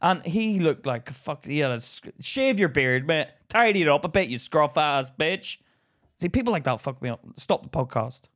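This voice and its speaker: A man co-hosting a podcast, telling rants in an animated, profane way in casual chat. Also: on the high side, a little fast, few pauses. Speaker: podcast co-host.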